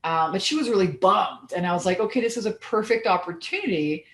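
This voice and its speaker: A woman business coach giving an energetic, blunt motivational talk, swearing casually as she goes. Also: mid-range voice, a little fast, roomy sound.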